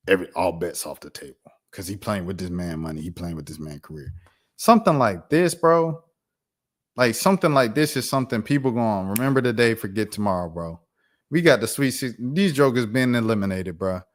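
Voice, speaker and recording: A young man hosting a sports commentary channel, reading news articles aloud and breaking off into animated, incredulous rants full of slang. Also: medium pitch.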